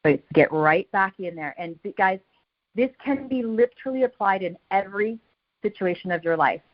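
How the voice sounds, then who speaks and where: A woman giving a motivational talk as a guest speaker on a team call. She speaks with energy and emphasis and repeats phrases to drive each point home. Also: fairly low pitch. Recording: dull lo-fi call audio.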